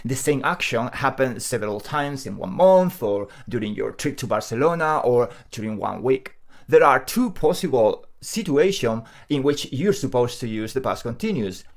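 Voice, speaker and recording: Animated male English teacher. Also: mid-range voice, normal speed. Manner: animated, emphatic, repeats key phrases. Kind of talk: grammar lesson to camera.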